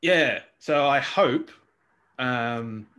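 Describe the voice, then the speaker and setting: Australian male co-host, sweary and fed up, mid-pitched everyday voice. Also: very slow, fairly bright tone, lo-fi sound. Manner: ranting, sweary, exasperated. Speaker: podcast co-host. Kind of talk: casual chat.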